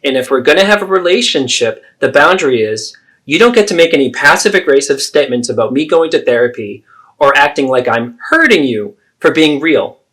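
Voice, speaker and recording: A man's voice: on the high side, expressive, a bit bright. A man playing an adult daughter who firmly confronts her mother in a therapy role-play. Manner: firm, measured.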